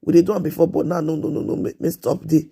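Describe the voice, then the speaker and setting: A woman's voice: low voice, level tone, quick pace, gravelly, mellow, husky. A Nigerian woman in her thirties on a casual live stream, giving earnest advice and repeating herself as she pleads with her viewers.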